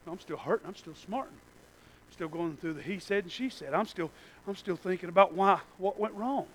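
A man, preaching a sermon in a church and telling a personal story that swings from hushed to shouting. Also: high-pitched, normal speed, slight background noise, low-quality recording. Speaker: pastor.

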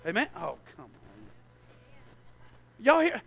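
Delivering a sermon to his congregation, a pastor uses a strikingly high, bright voice that is also gravelly, husky and sing-song, and he speaks slowly. He moves between quiet, low asides and near shouts, calling out to the people as he preaches.

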